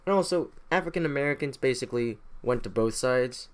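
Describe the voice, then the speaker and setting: A man's voice: mid-range voice, expressive, fairly quick. A young man casually retelling history on a podcast, irreverent and profane, slipping into slangy mock voices. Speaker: podcast host. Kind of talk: casual comedic history recap. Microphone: home podcast mic.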